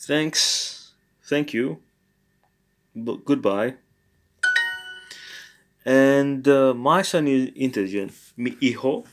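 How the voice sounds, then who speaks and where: A man's voice: mid-range voice, lively intonation, takes it slowly, long pauses. A man teaching an informal Spanish lesson. He thinks aloud with many fillers and good-humouredly corrects his own slips.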